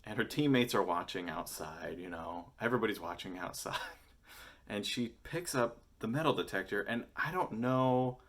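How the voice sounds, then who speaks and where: A man's voice: lowish voice, animated, normal speed, a bit bright. An American man in his thirties chatting casually to camera, rambling and enthusiastic, swearing freely. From United States. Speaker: vlogger.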